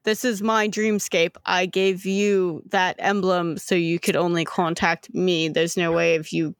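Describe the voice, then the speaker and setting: A woman voicing a calm, protective male guardian of a dream realm who speaks in a firm, measured way. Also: on the low side, dry recording, pitched below the performer's own voice.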